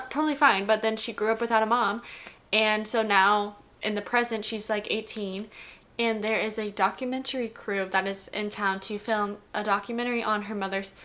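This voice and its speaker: A woman's voice: fairly high pitch, fairly bright tone. A woman in her twenties chatting casually about books she read, with lots of "like" and restarts. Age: 20s. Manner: chatty, heavy use of "like", giggly. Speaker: book vlogger. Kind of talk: casual reading wrap-up chat.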